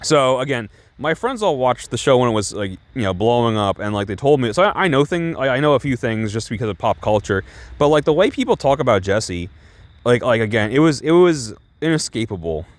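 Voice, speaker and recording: A man's voice: mid-range voice, expressive, fairly quick, no room sound. A young man casually reviewing TV shows, chatty and rambling with many restarts. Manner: chatty, heavy use of "like" and restarts, laughing asides.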